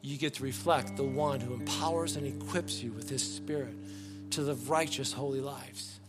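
A man's voice: mid-range voice, fairly even intonation, moderate pace. A man preaching a sermon as pastor, earnest and pleading, often restarting his words. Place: church sanctuary. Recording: long reverb, faint music behind.

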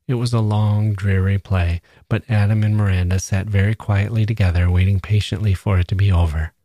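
A man giving measured, even narration of a literary novella, recorded close on a studio mic. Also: fairly low pitch, no echo. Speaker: reader.

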